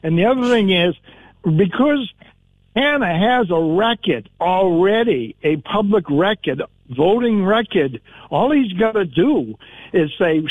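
A man's voice: high-pitched, very animated, measured pace, no room sound. A man calling in to a radio show, giving confident, folksy advice and repeating his points, heard over a phone line. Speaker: caller. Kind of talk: call-in radio chat.

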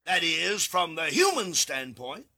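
High, husky, bright-toned male preacher. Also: sing-song, measured pace. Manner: emphatic, repeats key words, bursts into shouts. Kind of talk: studio sermon with scripture reading. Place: studio.

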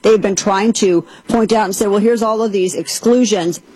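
Female talk host, husky and emphatic, indignant commentary with a dry studio sound. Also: mid-range voice, steady tone, normal speed, a little mellow, no room sound, rough recording. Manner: emphatic, indignant, quotes at length. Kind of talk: opinion commentary and host-read ad.

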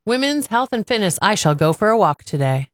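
A woman co-hosting a morning radio show, cracking wry, deadpan jokes in casual banter. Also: medium pitch, brisk, no echo, studio quality.

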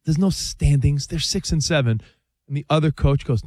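A man co-hosting a sports talk show, telling stories in a casual, animated way. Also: fairly high pitch, no room sound, clean studio sound. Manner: animated storytelling, quick back-and-forth. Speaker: sports radio co-host.

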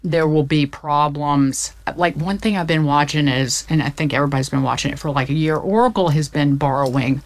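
A woman's voice: deep voice, fairly quick, few pauses, dry recording. A woman from the Southern United States explaining the economy in casual chat, packed with figures, often restarting mid-sentence. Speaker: economics commentator.

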